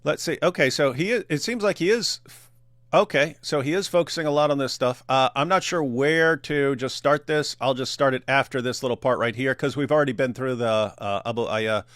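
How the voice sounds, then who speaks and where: A man's voice: medium pitch, fairly quick, a bit bright, dry recording, studio quality. Chatty man reacting to clips. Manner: laughs often, loose and chatty. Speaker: reaction streamer. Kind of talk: casual commentary on clips.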